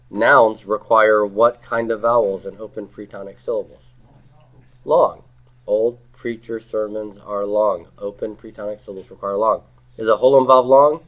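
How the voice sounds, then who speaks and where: A man teaching a grammar class, asking students questions, repeating their answers and leading them in saying words aloud. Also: fairly low pitch. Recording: slightly dull lo-fi classroom recording.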